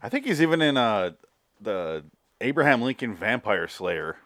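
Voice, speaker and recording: A man's voice: on the low side, sing-song, moderate pace, a bit bright, no echo. A man co-hosting a podcast in casual chat, rambling, swearing casually and laughing often. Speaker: podcast co-host.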